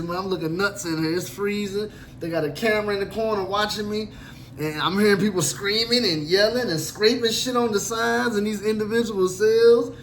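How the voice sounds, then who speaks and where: A man telling a true story about himself in a casual, animated and profane way, acting out the other people in it. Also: sits high, a little hiss or hum.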